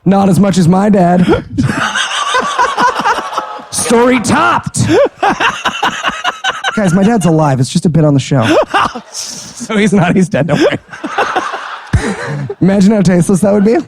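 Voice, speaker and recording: A man with a high, lively voice that swoops up and down as he riffs one joke into the next. He laughs often and keeps the banter quick on a comedy podcast. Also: background noise. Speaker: podcast co-host.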